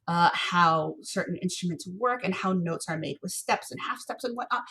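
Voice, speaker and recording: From a home office, a young woman guides children through a music lesson over a computer mic. Playful and encouraging, she chants rhythm syllables clearly in a teacherly cadence, her mid-range voice a bit bright.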